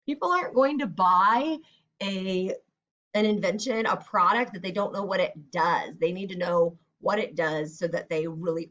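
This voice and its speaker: In a lo-fi recording, a woman teacher leads children through a writing lesson step by step, encouraging them and acting out example sentences. Her voice is lowish and a bit bright, at a moderate pace.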